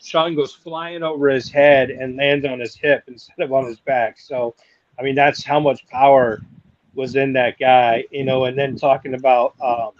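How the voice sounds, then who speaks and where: A man in his forties talks casually about wrestling, rambling and padding his thoughts with fillers. His voice sits in a middle pitch, muffled by a dull, dry mic. It sounds like a home podcast setup. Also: fairly even intonation, normal speed, dry recording. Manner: rambling, lots of "you know" fillers. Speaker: podcast co-host.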